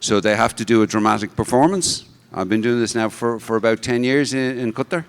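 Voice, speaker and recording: A man speaking as a lecturer on a discussion panel. He talks in a measured, reflective way. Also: mid-range voice, vocal fry. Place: large hall with audience. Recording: echoey hall.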